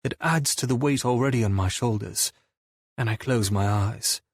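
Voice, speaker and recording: Male first-person audiobook narrator, brooding, low-key. Husky voice, dry close recording. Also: normal speed, dry recording.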